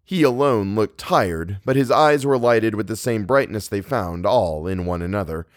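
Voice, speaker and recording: A man reading a novel aloud as a narrator, measured and expressive. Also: on the low side, no echo, studio quality. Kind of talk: audiobook reading.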